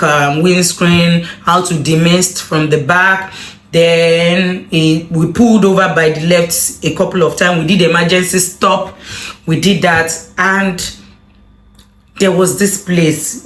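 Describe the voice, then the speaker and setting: Animated woman in an echoey room. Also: fairly low pitch. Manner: animated, emotional retelling with exclamations. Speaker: vlogger. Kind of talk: casual storytelling to camera.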